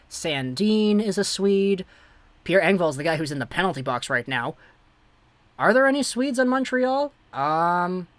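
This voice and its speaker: A woman hosting a fan livestream, giving live play-by-play that swings between hushed worry and excited shouting. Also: mid-range voice, no echo. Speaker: livestream host.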